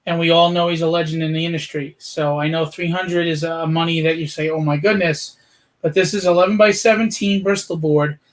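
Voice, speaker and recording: A man hosting an online charity art auction, talking in an energetic, persuasive way with frequent fillers. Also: fairly high pitch, a little fast. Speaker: auction host. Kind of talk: charity livestream pitch.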